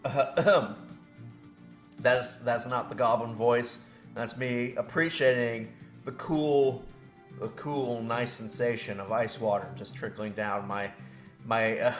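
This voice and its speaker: A man's voice: medium pitch, fairly bright tone. A man hosting gameplay commentary, rambling and self-deprecating, laughing often. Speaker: game channel host. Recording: roomy echo with faint music.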